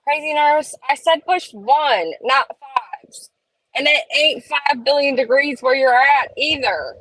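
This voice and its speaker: Casting: woman, slightly high voice, chatty live-stream host, dry close sound. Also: lively intonation, a little slow, pushed and bright, no echo, rough recording. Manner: chatty, reads chat aloud, opinionated asides. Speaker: livestream host. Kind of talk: casual live-stream chat. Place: home room.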